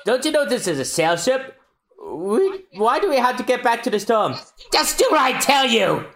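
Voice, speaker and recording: A podcast co-host voicing a bossy young woman navigator who shouts orders at her crew. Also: mid-range voice, sing-song, normal speed, voice pushed up. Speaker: podcast co-host reading manga aloud.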